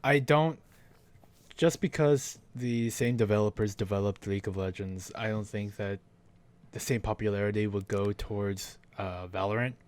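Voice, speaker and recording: A man's voice: fairly low pitch, moderate pace, darkish tone. A young man co-hosting a casual podcast, laid-back and teasing, with some hesitant restarts. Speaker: podcast co-host. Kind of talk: casual gaming chat.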